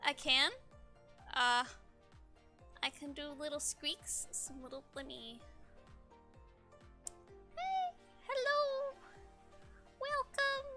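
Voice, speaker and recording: A woman's voice: high-pitched, flat delivery, takes it slowly, long pauses, bright, forceful tone, soft background music. A young woman streamer chatting casually, bubbly and giggly, often stumbling over her words. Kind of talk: casual livestream chat.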